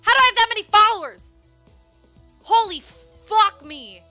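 A woman streamer with a very high voice chats casually with her viewers. She is excitable and breaks into loud, sweary outbursts, with clear music playing behind her. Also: unhurried. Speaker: livestreamer. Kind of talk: casual livestream chat. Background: background music.

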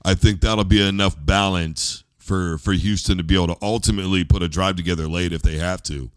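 A man's voice: low voice, fairly even intonation, brisk, no room sound. A man in his thirties hosting a casual sports talk show, loose and rambling, often repeating words as he starts a thought. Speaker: show host.

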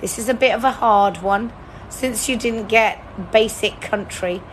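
A woman's voice: medium pitch, unhurried, slight background noise. A woman, hosting a live-stream word-guessing game in a chatty, teasing, playfully dramatic way. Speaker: livestream host.

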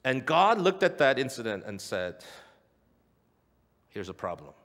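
A middle-aged man preaches in a church sanctuary, his medium-pitched voice sing-song, a little slow, and a bit bright. He is earnest, repeating key phrases and putting questions to the congregation, and the recording carries a long hall reverb.

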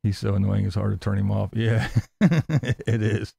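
A man's voice: fairly low pitch, unhurried, vocal fry, warm tone, slightly rough, no room sound, clean studio sound. A man hosting a live-stream commentary, sarcastic and mocking, swearing freely and laughing often as he rants and answers chat. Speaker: YouTube commentary host reading live chat.

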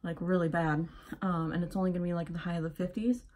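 A woman's voice: fairly low pitch, flat delivery, fast, a little mellow. A young pregnant woman chatting casually as she gets ready at home, a little out of breath and rambling with lots of fillers. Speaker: vlogger. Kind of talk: casual getting-ready vlog.

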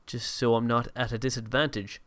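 A man joking his way through a video game, muttering quietly, then breaking into excited outbursts. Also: medium pitch, a little fast, slight background noise. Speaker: gameplay commentator. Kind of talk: let's play commentary.

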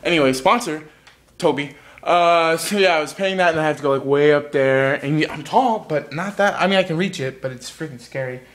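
A man's voice: fairly high pitch, a little fast. A young man chatting casually in a home vlog, rambling and goofy, jumping between topics while he eats. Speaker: vlogger.

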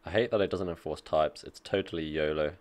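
A man with a low voice reads a technical article aloud and reacts as he goes. His remarks are casual and dry, mixing quick asides with plain reading. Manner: reads aloud and comments offhandedly, dry jokes. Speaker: tech streamer reacting to an article.

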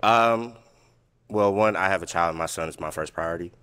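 A man in his thirties calmly explaining his reasons on a dating show. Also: deep voice, moderate pace, clear, resonant tone, no echo. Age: 30s.

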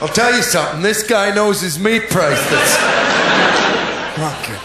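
A man's voice: high voice, expressive, unhurried, roomy sound, over a noisy crowd, very noisy. A man doing stand-up, laughing through his lines and swearing, on a stage mic in a live venue. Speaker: stand-up comedian. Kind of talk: stand-up comedy. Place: comedy venue with audience.

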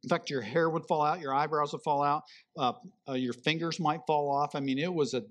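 A man preaching a sermon, telling a Bible story in an animated way and acting out the people in it. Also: a little high, brisk. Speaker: pastor.

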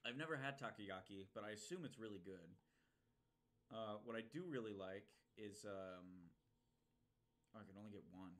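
A man's voice: lowish voice, moderate pace, pauses often, a bit bright. A young man casually commenting on a game he is playing, ranting and swearing, with lots of fillers and restarts. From United States. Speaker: streamer.

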